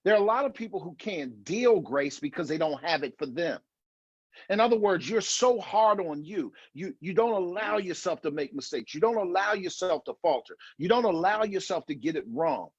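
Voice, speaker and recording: A man's voice: high-pitched, animated, normal speed, husky, no echo, muffled recording. A middle-aged man giving an earnest online conference talk, repeating phrases for emphasis and restarting often, heard over a video call. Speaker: marriage conference speaker.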